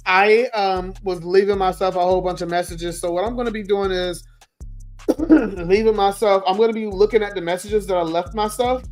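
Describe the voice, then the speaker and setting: Hoarse guy with a high voice venting on a livestream, blunt and cussing, faint music behind. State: hoarse, losing his voice. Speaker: livestream host. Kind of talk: casual livestream rant.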